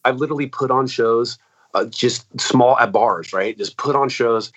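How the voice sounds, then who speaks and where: A musician talking in a casual, rambling way, swearing a lot and saying "like" and "dude" all the time. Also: male voice, mid-range voice, normal speed, a bit bright, low-quality recording. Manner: rambling and profane, full of "like" and "dude". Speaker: musician in a band. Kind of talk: casual chat.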